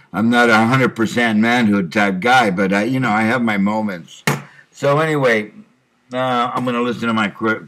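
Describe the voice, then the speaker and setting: A middle-aged man, a truck driver, talking to himself in a rambling monologue recorded on his computer, with many fillers and frequent throat clearing. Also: mid-range voice, a bit bright. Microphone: computer microphone.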